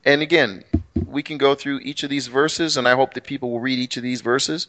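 A middle-aged man co-hosting a relaxed Bible discussion, his voice mid-pitched and ordinary. He rambles, restarting phrases often, then leans hard on key words. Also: a little fast. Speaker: co-host. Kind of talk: casual Bible study chat.

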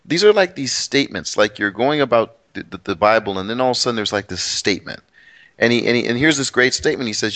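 A man's voice: mid-range voice, expressive, fast talker, fairly bright tone. A middle-aged man co-hosting a casual Bible study chat, rambling with frequent restarts and emphatic stresses. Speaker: co-host.

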